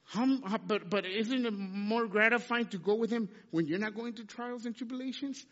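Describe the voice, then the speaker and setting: Guy preaching a sermon, high voice, big echoey hall, kinda muffled sound. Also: normal speed. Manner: animated, asks the congregation questions. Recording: dull sound with long hall reverb.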